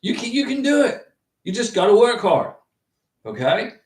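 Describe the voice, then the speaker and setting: A man hosting a livestream, chatting casually and reading out viewer comments in an animated, rambling way with many restarts. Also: high voice, moderate pace, distant mic. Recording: roomy echo, from off the mic.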